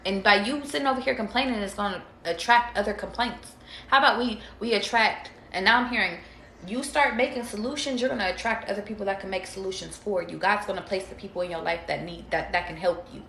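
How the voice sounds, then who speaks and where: A woman's voice: medium pitch, quick pace, vocal fry, bright, forceful tone, a little hiss or hum. Slangy, chatty woman in a roomy echo. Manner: chatty, slangy and profane, addressing viewers directly. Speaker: tarot reader. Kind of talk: casual livestream reading.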